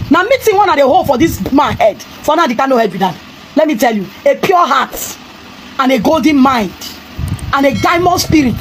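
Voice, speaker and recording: A woman with a Nigerian Pidgin accent in an impassioned rant to camera, scolding, repeating phrases and bursting into shouts. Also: sits high, a little hiss or hum, low-quality recording.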